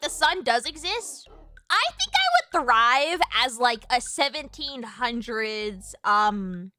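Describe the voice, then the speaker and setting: A woman livestreams casual chat off the cuff in a high, bright voice, rambling with "like" at every turn, swearing freely, and letting out sudden excited squeals. Soft music plays faintly behind her, and there's no echo.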